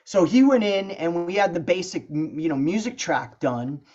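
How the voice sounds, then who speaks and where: A middle-aged man, a guest songwriter, telling stories in a casual interview, chatty and animated, filling his talk with "you know" and "man". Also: high voice, moderate pace. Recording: dull lo-fi sound.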